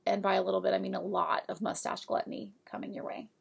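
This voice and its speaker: A woman's voice: medium pitch, flat delivery, fast, creaky, husky. A woman hosting a knitting podcast, chatting casually and giggling as she talks straight to her viewers. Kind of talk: casual show-and-tell of yarn purchases.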